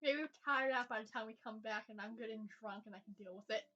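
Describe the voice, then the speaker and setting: A woman's voice: fairly high pitch, fast, pushed and bright. A woman playing in a tabletop game, joking and playful. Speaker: player. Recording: dull lo-fi recording.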